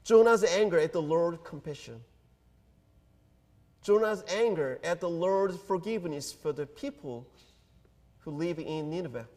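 A man preaching a sermon as pastor, earnest and deliberate, pausing between phrases. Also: on the high side, expressive, darkish tone. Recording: long hall reverb.

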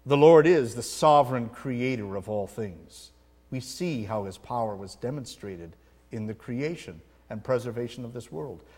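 A man's voice: medium pitch, expressive, normal speed, darkish tone, in a large hall. A man preaching a sermon with earnest emphasis, telling a story to make his point. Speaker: pastor.

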